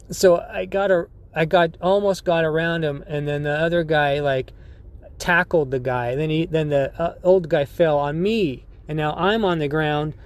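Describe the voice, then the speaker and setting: Profane rambling man telling a story. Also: fairly high pitch. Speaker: podcast host. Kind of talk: casual storytelling.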